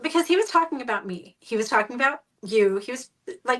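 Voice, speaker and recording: A woman's voice: on the high side, lively intonation, a little fast, a bit bright, recorded from a distance. A woman host in casual podcast talk, blunt and sarcastic, who swears freely.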